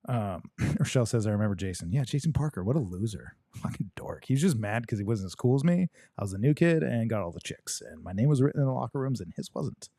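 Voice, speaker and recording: A man hosts a live stream and talks straight to his viewers, blunt and joking, with plenty of swearing. His voice sits low and sounds warm and relaxed. The sound is dry and close, with no room around it. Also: quick pace, vocal fry, dry recording. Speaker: podcast host reading live chat. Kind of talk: casual livestream chat.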